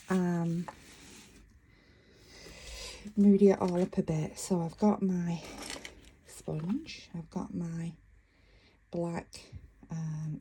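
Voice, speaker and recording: A woman's voice: fairly low pitch, mellow, slight background noise, rough recording. A middle-aged woman from northern England with a Lancashire accent, chatting casually through a crafting tutorial while she works. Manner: chatty, self-interrupting, talking while working. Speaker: craft vlogger.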